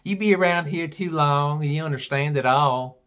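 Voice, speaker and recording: A man's voice: on the high side, normal speed, fairly bright tone, clear, resonant tone, natural voice. A man voicing a chatty teenage girl from the rural South who drawls in a Southern accent and rambles on.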